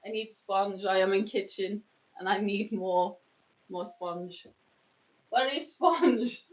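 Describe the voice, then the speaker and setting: A woman voicing a frantic lady with a mock Russian accent and broken grammar, drawn out and loud. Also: mid-range voice, slow, close to an everyday voice. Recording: roomy, distant, dull sound.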